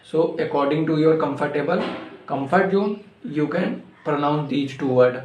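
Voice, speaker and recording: A man teaching pronunciation, repeating single words slowly in a drill. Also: fairly high pitch. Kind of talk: pronunciation lesson to camera. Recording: echoey room.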